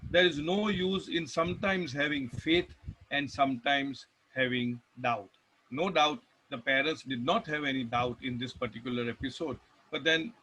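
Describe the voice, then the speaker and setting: Man, Indian English accent, spiritual talk, bright forceful tone, slightly raised pitch. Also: slightly rough, low-quality recording. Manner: rambling, digressive storytelling with restarts and emphatic lists. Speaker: devotional speaker.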